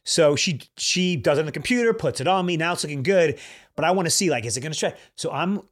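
A man in his thirties co-hosting a podcast, telling a story in a casual, animated way with many fillers. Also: fairly high pitch, fast talker. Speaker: podcast co-host. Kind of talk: casual chat.

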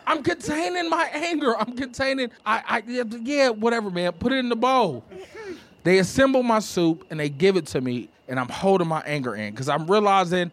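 A man doing stand-up, telling an animated story and acting out the voices of the people in it. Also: extremely high pitch, moderate pace. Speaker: stand-up comedian. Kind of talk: stand-up comedy set. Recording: music and audience laughter.

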